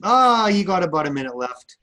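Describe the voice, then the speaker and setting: A man with a fairly high voice hosting an online open mic. He is easygoing and encouraging as he introduces comics over a video call. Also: very animated, a little fast, pushed and bright. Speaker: host.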